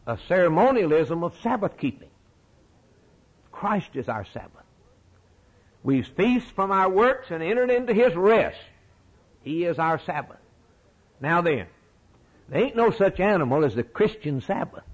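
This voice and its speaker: A man's voice: sits high, expressive, a little slow, pauses often, slightly rough, poor audio. A middle-aged man preaching a sermon in a folksy, emphatic way, repeating his key phrases.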